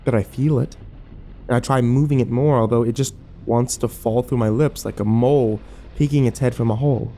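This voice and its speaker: A man narrating a first-person horror story in a measured voice. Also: mid-range voice, fairly even intonation, gravelly, warm tone, slight background noise.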